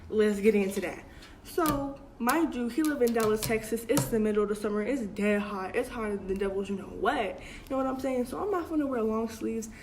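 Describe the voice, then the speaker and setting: A woman's voice: a little high, a little fast, background noise. A young adult woman telling a casual storytime, chatty and full of slang, acting out what her family said. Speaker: vlogger.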